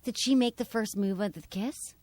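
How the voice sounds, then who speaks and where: A woman's voice: medium pitch, normal speed, darkish tone, no echo. A woman hosting a podcast, teasing her guest with probing questions. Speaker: podcast host. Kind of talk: casual podcast chat. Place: studio.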